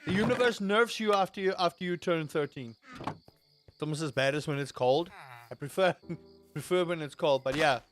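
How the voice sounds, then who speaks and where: Man, livestream host, casual chat, high-pitched, playful, mock-outraged rants. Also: normal speed, music in the background. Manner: reads out and answers chat.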